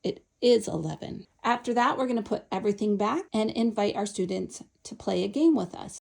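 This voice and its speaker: A woman's voice: medium pitch, lively intonation, fairly quick, vocal fry, darkish tone. A woman explaining a Montessori lesson step by step in a patient, instructional way. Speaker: Montessori teacher. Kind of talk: instructional demonstration.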